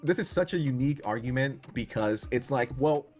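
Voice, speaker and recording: Guy getting defensive in an argument, stumbles, talks fast. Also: mid-range voice, expressive, a little mellow, soft background music. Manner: defensive, halting, with restarts. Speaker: guest in argument. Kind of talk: casual argument.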